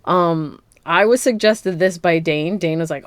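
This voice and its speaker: A woman's voice: lowish voice, a little slow, hardly any pauses, no room sound. A woman co-hosting a podcast, rambling playfully through movie picks and laughing often. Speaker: podcast co-host. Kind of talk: casual chat.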